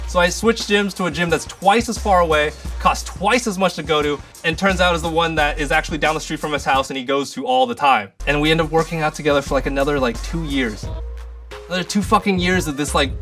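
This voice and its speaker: A young man telling a comic story, animated and profane, acting out both sides of the conversations. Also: a little high, a little fast, soft background music. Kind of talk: storytelling comedy.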